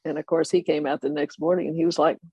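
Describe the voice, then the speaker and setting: An older person telling a family story in a lively way, often laughing and acting out the others. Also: medium pitch, fast, husky, no room sound. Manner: animated, laughing anecdote telling. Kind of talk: oral history storytelling.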